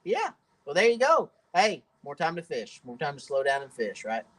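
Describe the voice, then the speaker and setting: A man with a drawl chats through a live-stream Q&A in a relaxed, folksy way. His voice sits a bit high for a man, and he laughs easily between answers. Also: moderate pace, low-quality recording. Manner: folksy, chatty, laughs often. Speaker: host of a fishing channel. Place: home workshop.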